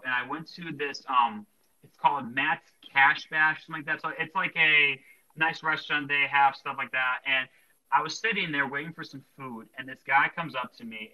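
A man's voice: on the high side, sharp tone, poor audio. A young man hosting a casual Christian podcast, talking earnestly and rambling with lots of fillers and restarts. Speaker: podcast host.

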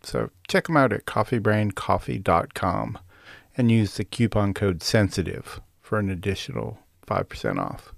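Man, low gravelly voice, casual host, relaxed fillers, dry close sound. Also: normal speed, no echo. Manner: relaxed, filler-heavy delivery. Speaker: podcast host. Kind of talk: casual commentary with ad read.

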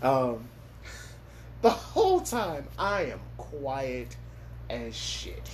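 A man's voice: medium pitch, sing-song, very slow, pauses often, a little hiss or hum. A young man from Los Angeles telling a story in casual podcast chat, laughing often and swearing freely. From Los Angeles, USA.

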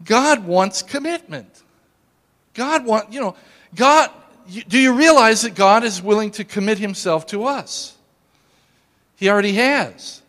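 A man with a notably high voice delivers a sermon in a church sanctuary, his words trailing off into a long echo. He talks to the congregation directly, with playful quiet asides and sudden forceful exclamations. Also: measured pace, pauses often. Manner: emphatic, calls out to the congregation, shifts from hushed asides to loud exclamations. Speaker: pastor.

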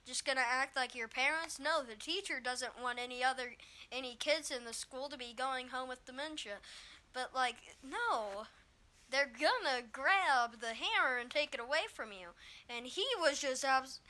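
A young woman telling a storytime vlog about bullies at school, rambling and exasperated with lots of fillers, slightly hoarse after being sick. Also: sits high, lively intonation, measured pace, sharp tone. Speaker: vlogger.

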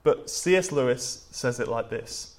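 A young man from England preaches in a relaxed, conversational way, scattering fillers through his stories. His voice has a gravelly edge, sitting at a middle pitch. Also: a little slow. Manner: chatty, many "like" and "um" fillers, storytelling. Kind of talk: casual sermon talk.

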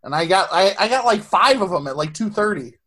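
High-voiced man in rambling casual chat. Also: expressive, fairly quick, pushed and bright. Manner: rambling, swears freely, frequent restarts. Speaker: podcast co-host.

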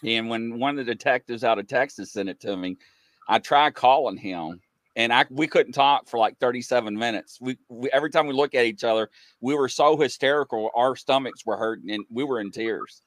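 A man hosting a casual chat show, telling funny stories with sudden loud outbursts. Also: medium pitch, a little fast, no room sound. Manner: animated, laughing storyteller with sudden loud outbursts. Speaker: host.

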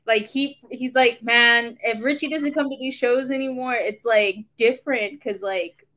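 A woman with a fairly high voice talking in a casual podcast chat. She is enthusiastic and slangy, with plenty of "like" and "bro" in her speech. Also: measured pace, fairly bright tone.

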